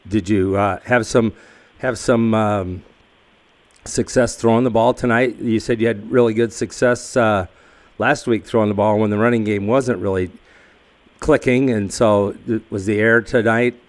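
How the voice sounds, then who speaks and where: A man interviews a high school football coach for a radio sports show. His voice is mid-range, and his questions come out haltingly, padded with fillers and restarts. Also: fairly even intonation.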